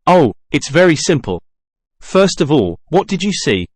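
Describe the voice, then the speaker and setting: Menacing masked genius with a lively, swooping delivery as a male reader does him, for a storybook reading. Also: on the high side, a little slow, dry recording. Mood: coaxing. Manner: theatrical, wheedling then boastful.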